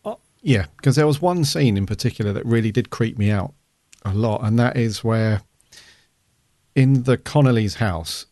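Heard in studio quality with no room sound, this male podcast co-host has a warm, medium-pitched voice at normal speed. He chats casually in a review discussion, rambling and filling his speech with fillers.

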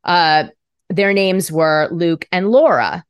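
A woman's voice: lowish voice, slow, smooth, no room sound, clean studio sound. Chatty woman podcast host. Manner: chatty, laughs often. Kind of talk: casual podcast chat.

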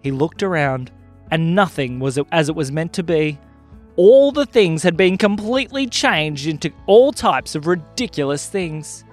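A man's voice: a little high, lively intonation, a little slow, soft background music. Playful man narrating a kids' story. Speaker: podcast storyteller.

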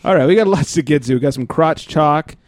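A man's voice: on the high side, fairly quick, a little mellow, dry recording, studio quality. A man hosting a casual beer podcast, laid-back and rambling, laughing often as he talks. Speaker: podcast host.

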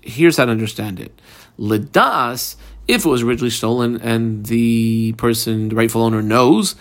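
A man's voice: medium pitch, normal speed. A man teaching a text study lesson, explaining step by step as he reads passages aloud and tells listeners what to mark, mixing casual talk with quoted terms. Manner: mixes casual chat with quoted Aramaic terms. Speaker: Talmud teacher. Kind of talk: daily page study lesson.

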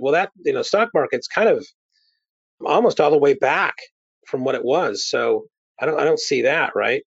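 A man's voice: on the high side, moderate pace, gravelly, husky, muffled recording. A man co-hosting a casual panel chat, talking loosely with many fillers and restarts.

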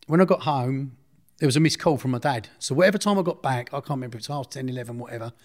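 A man's voice: mid-range voice, expressive, racing. Middle-aged male interviewee, blunt, rambling storyteller who keeps correcting himself. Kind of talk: casual storytelling.

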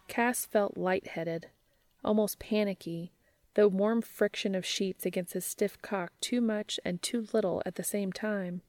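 A woman narrating an amateur audiobook reading in a soft, intimate storytelling manner. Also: medium pitch, steady tone, unhurried, no echo, soft background music.

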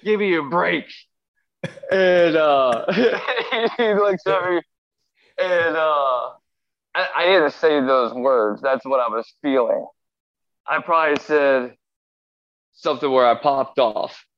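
On lo-fi audio, a man with a slightly high voice takes his time as a guest in a laid-back storytelling interview. He wanders through a lengthy anecdote, performing the lines spoken by himself and the other people involved.

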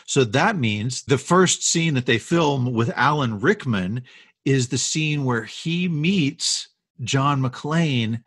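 A man's voice: mid-range voice, animated, slow, fairly bright tone, husky, no echo, clean studio sound. A man co-hosting a casual talk show, telling movie history stories in a chatty, rambling way. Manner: chatty storyteller with restarts and asides. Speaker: podcast co-host.

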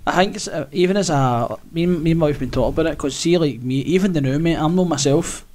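A man's voice: fairly high pitch, darkish tone. A Scottish man, a comedian, chatting in a sweary, laughing way as a podcast guest. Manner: sweary, laughing, quick banter. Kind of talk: casual podcast chat.

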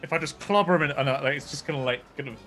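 A man's voice: on the high side, rapid-fire, bright, forceful tone, faint music behind. A man playing in a tabletop game, rambling and stumbling over his plans. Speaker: player.

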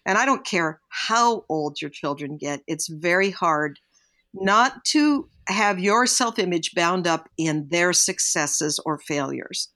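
A woman's voice: lowish voice, animated, slow pace, pushed and bright. An older woman, a guest on a podcast, reflectively telling parenting stories and acting out the voices of people she quotes. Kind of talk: podcast conversation.

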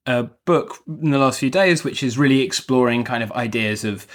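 A man's voice: mid-range voice, moderate pace. A man co-hosting a podcast in casual chat, rambling and joking, restarting his sentences as he thinks aloud. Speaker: podcast co-host.

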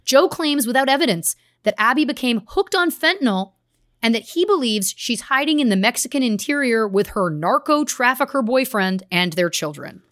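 A woman's voice: fairly high pitch, expressive, moderate pace, a bit bright, no echo, clean studio sound. A woman co-hosting a true crime podcast, reading case details with earnest, grave emphasis. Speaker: podcast co-host.

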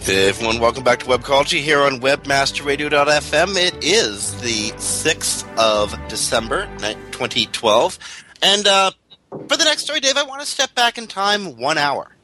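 A man's voice: a little high, lively intonation, moderate pace, pushed and bright, faint music behind, poor audio. A Canadian man co-hosting a radio talk show in casual chat, joking and rambling with lots of fillers and restarts.

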